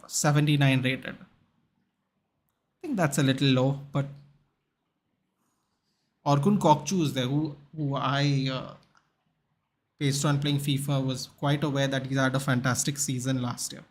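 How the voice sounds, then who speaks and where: A young man hosts a live football watchalong stream, chatting casually, answering viewers in the chat and reading out names and match stats. His voice is medium-pitched and fairly bright, with fairly even intonation at normal speed.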